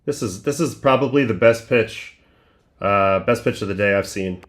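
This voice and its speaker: A middle-aged man hosting a livestream, casually breaking down baseball pitches one by one and thinking aloud with restarts and fillers. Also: normal speed. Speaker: livestream host breaking down game film.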